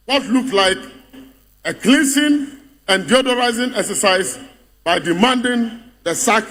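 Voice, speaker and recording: A man with a Ghanaian English accent and a high-pitched, fairly bright voice gives a mocking political speech to a party congress, building up rhetorical refrains.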